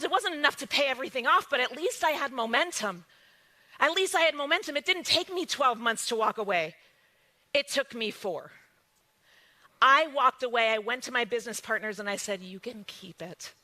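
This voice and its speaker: A woman giving an emphatic motivational testimony, swinging from hushed lines to exclaiming ones. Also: fairly high pitch. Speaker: guest speaker sharing her story.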